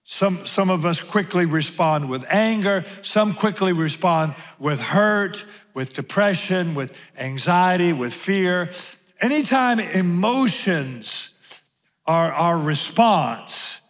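A high-pitched male pastor preaching slowly and deliberately, leaning on repeated phrases to drive his points home. His voice carries a long reverb from a large hall. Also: expressive, fairly bright tone. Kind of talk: sermon. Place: large room with audience.

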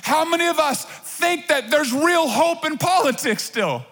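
A man preaching a sermon to his church, animated and conversational, with casual asides to the congregation. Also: extremely high pitch, unhurried. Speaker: pastor. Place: church auditorium. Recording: long reverb of a large hall.

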